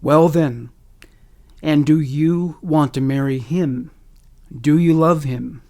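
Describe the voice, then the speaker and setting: Guy reading as a chatty dad firing off questions, kinda high voice. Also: slow pace, mellow. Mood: breezy. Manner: breezy, questioning. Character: jovial father masking menace.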